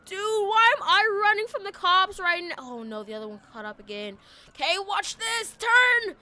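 Woman, gameplay commentary, panicked, repeats words, very high pitch, animated. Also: normal speed. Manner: frantic, shouting and repeating words. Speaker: gaming video creator.

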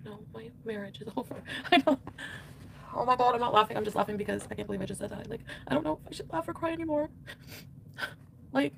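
A woman's voice: a little high, racing, vocal fry, slight background noise. A woman talking frankly to her vlog viewers, rambling and filling her speech with "like" and swearing. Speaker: vlogger. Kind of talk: candid vlog talk.

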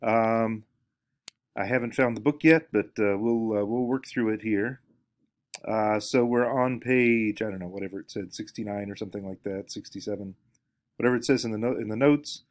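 A man lecturing to students and reading from a book, halting, with many fillers and restarts. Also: fairly low pitch.

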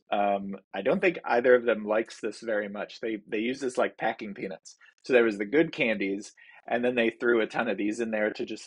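A man's voice: lowish voice, slightly rough. A man hosting a casual home food review vlog from his basement, rambling and poking fun at himself with lots of fillers. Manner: rambling and self-deprecating, many fillers.

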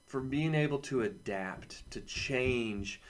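A man, a parent, giving an encouraging lesson to children at a camp, speaking straight to them in an upbeat, warm-hearted way. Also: medium pitch, takes it slowly. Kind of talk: friendly lesson to kids.

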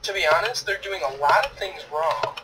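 A man's voice: high voice, over loud music. Griping male gamer, far from the mic. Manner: complaining in quick excited bursts. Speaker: gaming friend. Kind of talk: casual gaming chat. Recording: distant mic with clear background noise.

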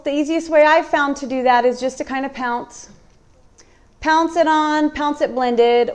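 High, clear-voiced woman teaching painting. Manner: relaxed, chatty, thinking aloud. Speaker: furniture painting instructor. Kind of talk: live-streamed painting demo. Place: warm indoor workshop.

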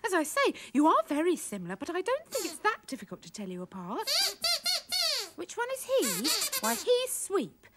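A woman's voice: very high voice, huge pitch swings, moderate pace, dry recording. A woman presenting a children's TV show, chatting with puppets in a coaxing, exclaiming, mock-exasperated way.

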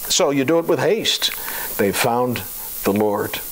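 A man preaching a sermon, chatty and full of fillers and rhetorical questions, slowing down to a deliberate cadence for scripture readings. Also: medium pitch, animated, slight background noise, poor audio. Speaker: pastor.

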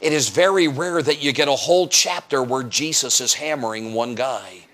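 At an evening church service, a man from the United States delivers an emphatic evangelist's sermon full of rhetorical questions and acted-out quotes, at times rising to a shout. He speaks at a medium pitch and normal speed.

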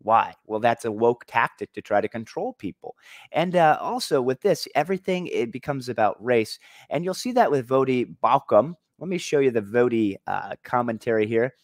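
A man's voice: medium pitch, animated, normal speed, no echo, studio quality. A man hosting an opinion commentary vlog, talking in an emphatic, argumentative way. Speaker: commentary channel host.

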